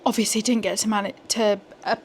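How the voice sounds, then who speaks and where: Filming herself on a small handheld gimbal camera, this pregnant young British vlogger chats casually, indoors at home and out on walks, with self-deprecating remarks. She talks a little fast in a mid-range, darkish voice with little pitch movement, over slight background noise.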